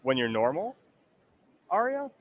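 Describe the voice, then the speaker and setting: A man's voice: fairly high pitch, huge pitch swings, unhurried, phone-quality sound, slight background noise. A man streaming a game, chatting casually and hesitantly, often trailing off with fillers. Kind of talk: casual gaming chat.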